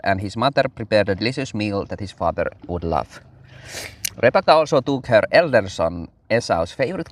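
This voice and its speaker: A man reading a Bible passage aloud and breaking off into casual commentary with fillers and restarts. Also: lowish voice. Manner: reads aloud, breaks off into loose asides with fillers. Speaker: Bible study host.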